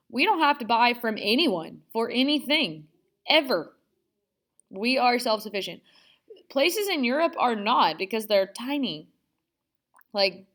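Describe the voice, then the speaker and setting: A woman's voice: fairly high pitch, a bit bright. Chatty, sarcastic woman teacher. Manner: chatty, sarcastic asides, lots of "like". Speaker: history teacher. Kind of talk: casual classroom lecture.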